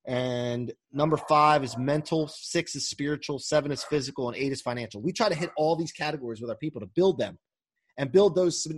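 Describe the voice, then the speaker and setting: Husky man, slightly high voice, enthusiastic coach, talking from home, rambling. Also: brisk. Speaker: coach, podcast guest. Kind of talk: casual interview talk. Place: home during quarantine.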